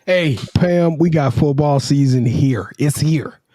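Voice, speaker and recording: Man co-host, eager, trips over his words, higher pitch, dry sound. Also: slow pace, dry recording. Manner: excitable, stammering. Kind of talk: casual chat.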